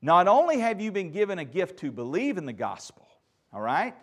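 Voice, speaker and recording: A middle-aged man preaching a sermon as pastor, his voice rising to loud peaks and dropping to near-whispers. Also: high-pitched, huge pitch swings, brisk.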